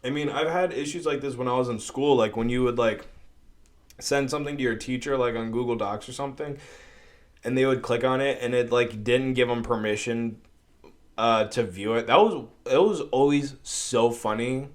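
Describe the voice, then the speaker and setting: A man's voice: medium pitch, normal speed. Swearing, exasperated young man ranting. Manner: exasperated, swearing a lot, rambling. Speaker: podcast host. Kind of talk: casual solo podcast rant. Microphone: podcast microphone at a desk.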